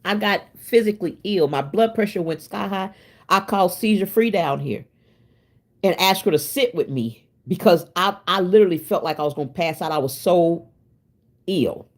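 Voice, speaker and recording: A woman in her fifties with a husky, slightly breathy voice that sits on the low side. She chats casually with her viewers as her channel's host, addressing them directly and laughing often as she goes. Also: lively intonation, moderate pace. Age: 50s. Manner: chatty, laughs often, talks straight to viewers.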